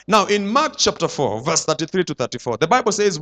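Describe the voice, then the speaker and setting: Animated, high-voiced male preacher. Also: normal speed, few pauses. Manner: dramatic, swinging from loud declarations to hushed asides. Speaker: pastor. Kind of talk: sermon.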